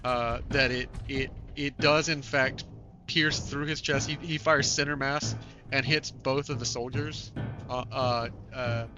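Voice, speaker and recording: A man's voice: medium pitch, fairly even intonation, highs cut off. Guy running a tabletop game, lots of uhs, music playing behind him. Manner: halting, many filler sounds. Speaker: game master.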